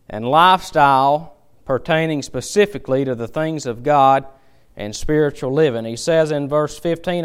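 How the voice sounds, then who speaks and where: A man preaching a sermon, with folksy storytelling and emphatic, animated delivery. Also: a little high, smooth.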